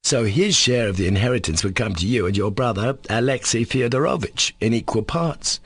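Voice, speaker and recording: A man voicing a sickly, insolent male servant who speaks slowly and sarcastically with controlled defiance. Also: mid-range voice, animated, slightly rough, no echo. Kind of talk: audiobook character reading.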